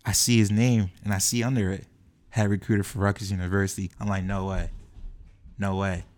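A young man tells a story at a brisk clip, jumping into the voices of the people he quotes. His voice sits a little low for a man. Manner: acts out quoted dialogue, quick and lively. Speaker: guest telling his story. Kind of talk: animated storytelling.

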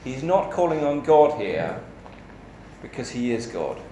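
A man preaching a sermon in a measured, emphatic way, asking rhetorical questions. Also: medium pitch, very animated, warm tone, a little hiss or hum. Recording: echoey church hall with faint ambience.

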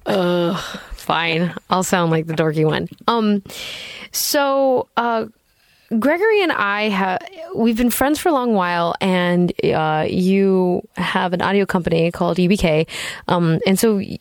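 A woman's voice: lowish voice, lively intonation, measured pace, no room sound, studio quality. A woman hosting a podcast, chatting casually with a playful, self-mocking manner. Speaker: podcast host. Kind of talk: casual chat.

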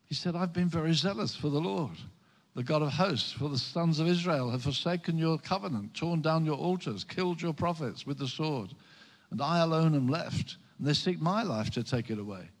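A man preaching a sermon, reading scripture aloud in an earnest, measured way and leading a prayer. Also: on the high side. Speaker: pastor. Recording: reverberant hall.

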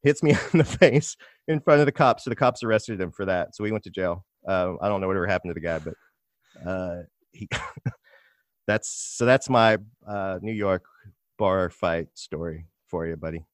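Easygoing bartender guy from arkansas, kinda low voice, dry jokes, dry sound. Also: moderate pace, no echo. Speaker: bartender and podcast guest. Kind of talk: casual chat.

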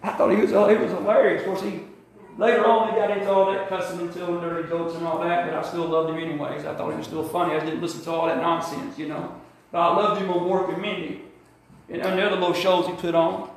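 High-voiced preacher, echoey church. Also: male voice, little pitch movement, quick pace. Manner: emphatic preaching with repetition and calls to the congregation. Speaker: pastor. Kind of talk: sermon. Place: church sanctuary.

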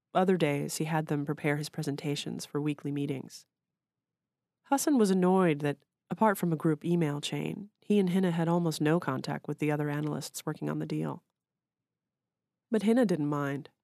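A woman author reading her literary short story aloud in a measured, even way. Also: sits low, no echo, studio quality. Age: adult.

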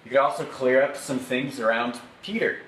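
A man's voice: medium pitch, moderate pace, fairly bright tone. A man leading a Bible study with slides, teaching conversationally and asking the group for amens. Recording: echoey room, faint background noise.

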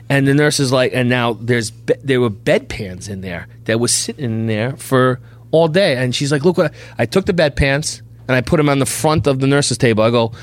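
Animated middle-aged man telling stories. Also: medium pitch, dry recording. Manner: animated anecdote teller, acts out dialogue. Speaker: bail bondsman. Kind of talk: podcast storytelling.

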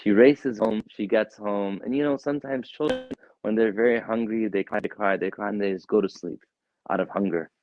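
Lively male preacher telling a story. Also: fairly low pitch, brisk. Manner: animated storyteller, voices quoted figures. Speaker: shaykh teaching a lecture series. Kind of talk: storytelling religious lecture. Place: mosque. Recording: dull, dry lo-fi sound.

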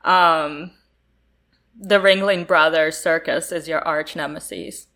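Slow-talking gushing woman host. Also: sits low, fairly even intonation, bright, forceful tone. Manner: gushing, profane, quick to laugh. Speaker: podcast host. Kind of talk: casual interview chat.

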